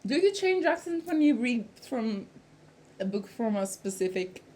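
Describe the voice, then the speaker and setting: A woman's voice: fairly high pitch, big pitch swings, measured pace, warm tone, a little hiss or hum. A woman from Italy, co-hosting a casual podcast chat. She talks freely, with lots of fillers and self-corrections. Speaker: podcast co-host.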